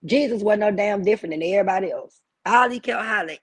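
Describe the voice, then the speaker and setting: A woman's voice: mid-range voice, fast, few pauses, husky, dry recording. A woman hosting a livestream, ranting in a blunt, profane and preachy way. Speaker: livestream host. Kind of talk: heated livestream rant.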